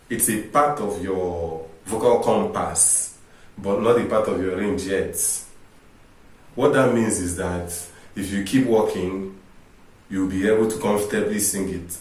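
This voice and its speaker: A man's voice: lowish voice, a little mellow. A man coaching singers, explaining with rhetorical questions in an informal teaching talk. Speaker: vocal coach. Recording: echoey room, distant mic.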